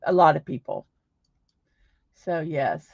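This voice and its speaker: A woman with a low-sitting voice and lively intonation speaks slowly while hosting a casual livestream, rambling, reading viewer comments, thanking people warmly, and restarting often. The audio is dry and slightly dull, with no echo.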